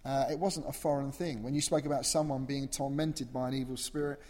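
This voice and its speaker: A man's voice: medium pitch, steady tone, fairly quick, darkish tone. A man preaching a sermon, earnest and emphatic, often asking rhetorical questions. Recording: long echo of a large hall.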